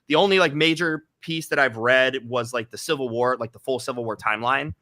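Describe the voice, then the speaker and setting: A man's voice: medium pitch, a little fast, pushed and bright, no echo, studio quality. A man being interviewed about his writing, talking casually with many fillers and restarts. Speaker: guest author.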